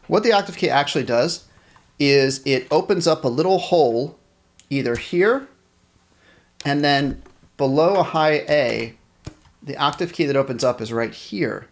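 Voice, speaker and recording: A man's voice: on the high side, animated, unhurried, pauses often. A man teaching a live-streamed band lesson, explaining instrument technique, reading viewers' chat and counting off rhythms for them to play along. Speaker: music teacher.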